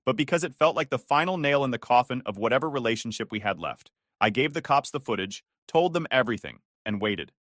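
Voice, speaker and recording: A man's voice: mid-range voice, fairly bright tone, no room sound, studio quality. A man narrating a dramatic first-person story in an indignant, emphatic way.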